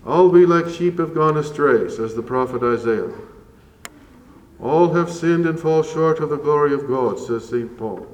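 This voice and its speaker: A man preaching a sermon as a priest, measured and earnest with slow emphatic pauses. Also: a little high. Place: church. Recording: roomy church echo from far off.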